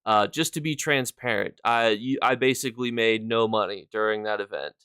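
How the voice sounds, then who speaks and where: A man's voice: on the low side, moderate pace, bright, forceful tone, clean tone, no echo, studio quality. A man casually talking to his viewers on a live stream, rambling through his points and stopping to thank people in chat.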